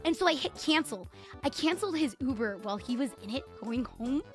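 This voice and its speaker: A woman streamer telling a story to her chat in a rambling, animated way, laughing often and swearing freely. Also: high voice, a little fast, faint music behind. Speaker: VTuber streamer.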